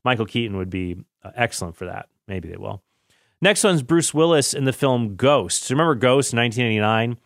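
A man in his thirties hosts a casual talk about films, rambling in a chatty way and correcting himself mid-sentence. His voice sits at an ordinary middle pitch. The recording is dry and close, with no room sound. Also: animated, fairly quick, gravelly, a bit bright, no echo. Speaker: film commentary host. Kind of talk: casual film commentary.

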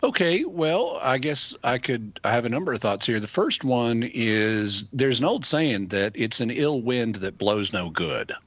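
A man who answers questions as the show's expert, explaining things step by step in a measured way and restarting phrases as he thinks. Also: mid-range voice, expressive, a bit bright, dry recording. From United States. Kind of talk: explanatory conversational talk. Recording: dull, dry lo-fi audio.

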